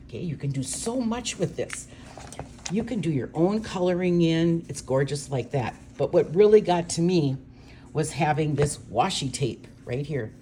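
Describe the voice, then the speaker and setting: A low-pitched older woman talks through a card-making tutorial in a chatty, gushing way. A faint hiss of noise sits behind her voice. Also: a little mellow. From Minnesota, USA. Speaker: craft demonstrator.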